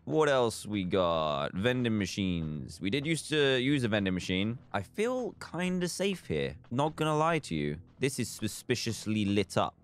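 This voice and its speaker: A young British man giving joking, animated commentary while playing a video game. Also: medium pitch. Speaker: gaming video host. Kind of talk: let's play commentary.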